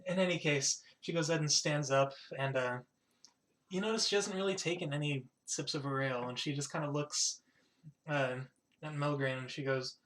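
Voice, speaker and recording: Game master, man, easygoing storyteller, fairly high pitch. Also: steady tone, normal speed, a bit bright, low-quality recording. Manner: laid-back storytelling. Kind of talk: narrating a tabletop game.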